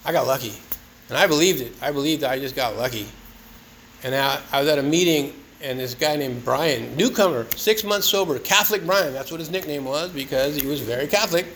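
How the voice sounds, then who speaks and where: Speaking at a recovery meeting, a man tells his personal story in a casual, earnest, joking manner. He talks fairly quickly in a slightly high voice with a fairly bright tone, and the rough recording carries a little hiss or hum.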